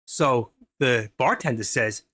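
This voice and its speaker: A man's voice: mid-range voice, animated, takes it slowly, sharp tone. A middle-aged man hosting a live stream, chatting casually and telling jokes in a rambling way, laughing at his own punchlines.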